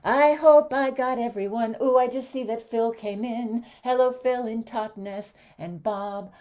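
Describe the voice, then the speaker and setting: A woman's voice: on the high side, steady tone, measured pace, a little mellow. A woman hosting an online song gathering, greeting viewers one by one in a lilting, sing-song way over a video call. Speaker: host. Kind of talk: warm welcoming livestream greetings.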